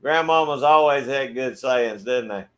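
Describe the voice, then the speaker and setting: A middle-aged man from Georgia with a Southern accent, hosting a relaxed livestream and greeting viewers by name. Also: medium pitch, measured pace. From Georgia, USA. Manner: friendly, laid-back, greets viewers by name. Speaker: livestream host. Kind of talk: casual chat reading viewer comments. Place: backyard shed.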